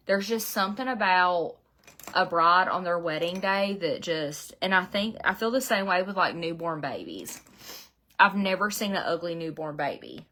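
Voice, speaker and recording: Doing her makeup at home, the middle-aged beauty vlogger from Southeast Georgia, USA, chats in her Southern Georgia accent, wandering from topic to topic and laughing frequently. Her fairly low voice is lively and fairly bright, at a measured pace. She's indoors in her beauty room.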